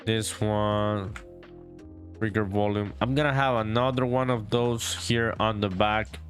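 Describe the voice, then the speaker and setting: A man's voice: fairly low pitch, fairly even intonation, a little slow, soft background music. A young man streaming his own game development, chatting casually with viewers, swearing freely and calling everyone "dude". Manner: profane, laid-back, reads chat aloud while working. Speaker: solo indie game developer streaming live. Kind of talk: casual live-stream chat.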